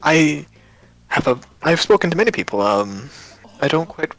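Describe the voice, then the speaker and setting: Man voicing a flustered lovesick young guy, halting, stumbling, lively pitch. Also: no room sound, soft background music, low-quality recording. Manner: hesitant, stumbling with ums. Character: flustered young man searching for his lost love.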